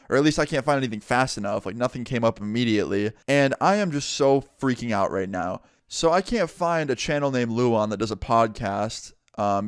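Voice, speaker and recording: A young man, a vlogger, telling a story in a casual, animated way with some swearing. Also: mid-range voice, dry recording, clean studio sound. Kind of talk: storytime vlog.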